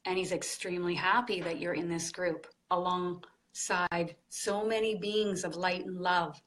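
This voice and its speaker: Slow, soft-spoken woman medium. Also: fairly low pitch, steady tone, a little hiss or hum. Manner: slow, soft, relaying spirit messages. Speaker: psychic medium, group host. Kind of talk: live online channeling session.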